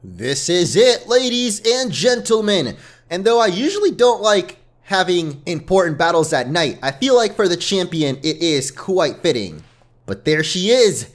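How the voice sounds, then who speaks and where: A man hosting a let's play, giving upbeat, excitable gameplay commentary. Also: high voice, measured pace.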